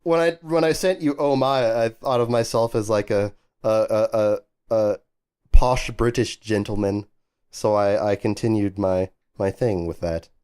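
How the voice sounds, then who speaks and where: A man's voice: lowish voice, measured pace, darkish tone, clear, resonant tone. A young man co-hosting a podcast in casual, joking chat. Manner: joking, laid-back, trails off and restarts. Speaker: podcast co-host.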